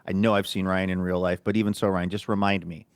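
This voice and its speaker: A man co-hosting a podcast, telling stories in a casual chat and acting out quoted lines in an animated way. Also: deep voice, fast, clear, resonant tone, no echo. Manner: animated storytelling, acts out quotes. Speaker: podcast co-host.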